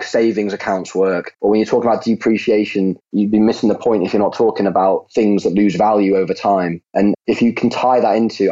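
A man's voice: lowish voice, dark tone, breathy edge. A man, a maths teacher, chatting casually in an interview and telling classroom stories. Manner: chatty, lots of "like", acts out classroom quotes. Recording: muffled lo-fi audio.

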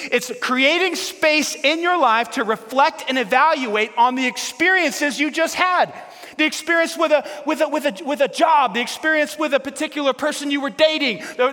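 High-voiced, emphatic preaching man. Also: normal speed, bright, forceful tone. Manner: emphatic, repetitive, calls on the congregation. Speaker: pastor. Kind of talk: sermon. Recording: long hall reverb.

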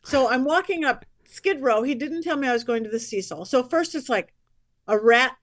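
A woman with a somewhat high voice tells stories as a psychic medium guest. She is lively and chatty, slipping into the voices of the people she quotes. The sound is dry and close, with no room echo. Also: moderate pace. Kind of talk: animated storytelling on a podcast.

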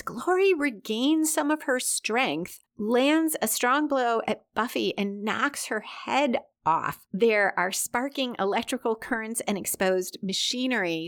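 A woman with a middle-pitched voice recapping a TV episode in a methodical way, reading out timestamps as she goes. She adds short asides of her own between the plot beats. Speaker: podcast host.

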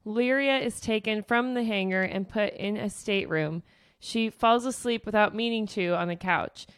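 A woman co-hosting a podcast, recapping book chapters in casual chat, animated and swearing freely as she acts out characters' lines. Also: mid-range voice, moderate pace, clean tone, dry recording, clean studio sound. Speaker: podcast co-host.

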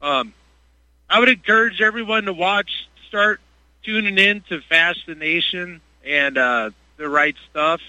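A man from Washington State calling in to talk radio, his voice very bright and a little high. He talks in a loose, chatty way that trails off. The sound is dry. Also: a little slow, dry recording, highs cut off. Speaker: phone-in caller.

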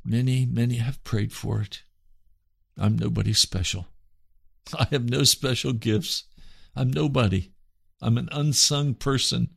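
Man, radio preacher, gravelly, dry studio sound, earnest, repeats himself. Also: mid-range voice, fairly even intonation, a little slow, pauses often, fairly bright tone, no echo. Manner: earnest, pleading, repeats phrases. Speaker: radio pastor. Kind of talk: radio sermon.

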